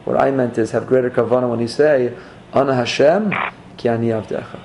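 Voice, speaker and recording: A man playing a calm, wise old male Hasidic teacher who answers gently. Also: medium pitch, fast talker, slight background noise, natural voice. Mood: gentle.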